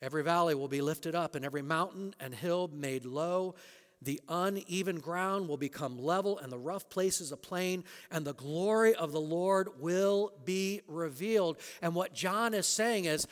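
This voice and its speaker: A man preaching a sermon as pastor, rising to emphatic scripture quotes and dropping to quiet asides. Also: a little high, expressive, a little slow, in a large hall.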